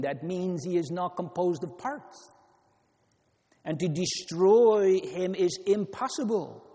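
A man preaching slowly in a warm, mellow voice, pitched a little high for a man. His sermon is earnest and repetitive, with emphatic rises. Long reverb from a church hall rings around every word.

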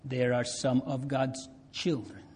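A man preaching a sermon to his congregation, swinging between loud appeals and hushed near-whispers. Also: mid-range voice, little pitch movement, takes it slowly.

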